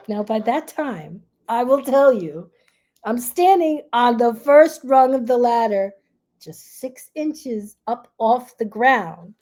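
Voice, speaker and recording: A woman coach calmly telling a personal story in a reflective, unhurried way. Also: a little high. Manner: calm, reflective, acts out her own fearful self-talk. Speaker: grief relief coach and host.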